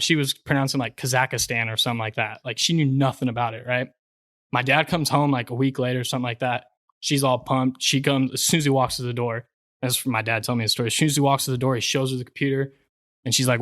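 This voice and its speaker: A man's voice: medium pitch, a bit bright, no echo. A young man spins a long personal story in loose, slangy podcast talk, leaning on fillers as he goes. His voice sits mid-range and the mic is close and dry, with almost no room sound. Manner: laid-back, slangy, lots of fillers. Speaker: podcast co-host. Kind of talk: casual storytelling.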